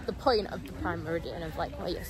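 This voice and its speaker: A woman's voice: lowish voice, fast talker, low-quality recording. A young woman from England, chatting eagerly and rambling with plenty of fillers on a river boat. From northern England. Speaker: friend and travel companion. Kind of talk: casual chat.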